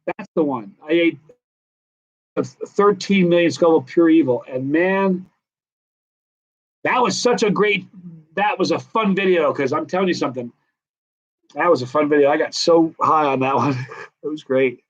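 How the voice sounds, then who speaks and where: A middle-aged man with a slightly high voice, hosting a relaxed live-stream question session. He rambles easily between answers and viewer shout-outs. The sound is dull and lo-fi. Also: normal speed, pauses often. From United States, East Coast. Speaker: host of a hot pepper channel. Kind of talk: casual live-stream Q&A chat.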